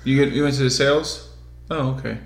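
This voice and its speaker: A man's voice: medium pitch, fast, creaky. A man on a podcast chatting casually and dropping brief, wry remarks. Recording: roomy sound.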